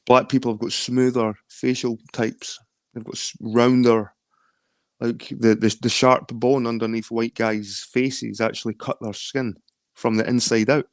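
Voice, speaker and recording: A man with a Scottish accent talks in a loose, rambling way during a casual late-night chat, dropping swear words as he goes. His voice sits at a middling pitch. The sound is dry and close, with no room echo. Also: flat delivery, a little slow. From London. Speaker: chat guest.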